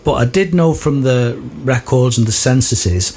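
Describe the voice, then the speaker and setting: A male radio presenter chatting casually and cutting in with lively questions to his guest. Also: medium pitch, measured pace, slight background noise.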